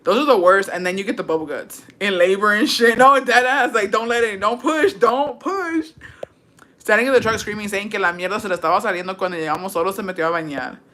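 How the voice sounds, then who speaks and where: She talks quickly in a mid-range voice, barely pausing, while livestreaming and reading viewer comments. The chat is casual, full of brash, profane, animated stories, with plenty of swearing and switches between English and Spanish.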